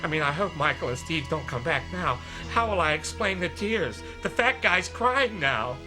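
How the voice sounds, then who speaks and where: An actor playing a self-mocking, out-of-shape husband, telling a story in a wry, self-deprecating comic monologue, with music behind. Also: male voice, a little high, fairly quick, close to an everyday voice. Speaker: film character narrating a monologue.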